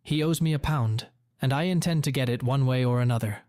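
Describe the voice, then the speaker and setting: A man's voice: mid-range voice, fairly quick, darkish tone, no echo, clean studio sound, lightly acted. A man voicing a blunt, confrontational middle-aged father in a story reading. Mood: angry.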